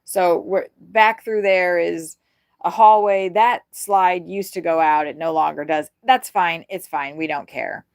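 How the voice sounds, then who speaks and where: Gravelly midwestern lady rambling around her rv, slow and chatty, dry close sound. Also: on the low side, steady tone, no echo. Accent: Midwestern American. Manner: chatty, rambling, frank, swears freely. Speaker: vlogger. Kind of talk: casual chat. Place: inside an RV.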